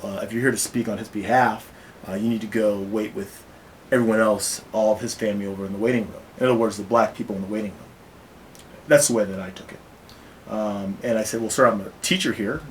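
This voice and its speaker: Speaking to camera in a fairly low voice, a man who seems to be a teacher describes a difficult day, his account full of pauses, fillers and restarts. The recording is rough, with a faint low rumble underneath.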